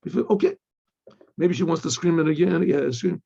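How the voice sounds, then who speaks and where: A man, a rabbi, telling a story in a lesson, animated and repeating himself, acting out the people in it. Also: fairly high pitch, normal speed, vocal fry. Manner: animated storyteller, acts out quoted voices, repeats words. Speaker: rabbi teaching. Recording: dull lo-fi recording.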